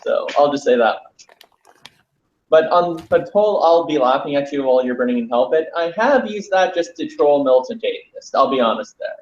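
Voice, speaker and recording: A man's voice: on the high side, animated, moderate pace. A man teasing friends in a casual group chat over a video call. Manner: joking, teasing. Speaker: hangout participant. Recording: roomy, dull, faint noise.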